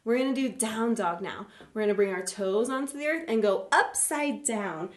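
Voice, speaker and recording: A woman leading a live online yoga class for kids, gentle, encouraging and playful as she talks through each pose. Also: fairly high pitch, moderate pace, reverberant. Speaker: yoga teacher for children.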